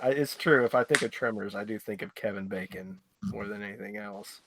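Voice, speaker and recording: Bright-voiced rambling male podcast host. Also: on the low side, a little fast. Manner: rambling, filler-heavy. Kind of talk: casual chat.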